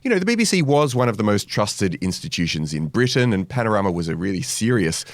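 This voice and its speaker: A man co-hosting a history podcast, explaining a story in an emphatic, animated way. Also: on the low side, quick pace, dry recording, studio quality. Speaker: podcast co-host. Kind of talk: casual chat.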